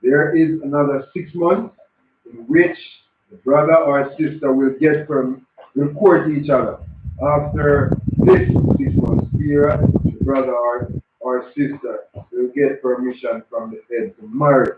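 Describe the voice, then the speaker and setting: A man's voice: mid-range voice, a little slow. A man formally reading out class announcements and calling drill commands at a religious school. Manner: formal, declaiming, calls out commands. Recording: echoey distant phone-like line with loud noise.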